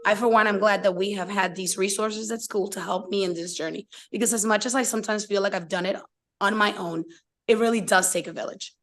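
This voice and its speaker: A woman, a parent, reading prepared testimony before a legislative committee in a steady, emotional tone. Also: medium pitch, a little fast.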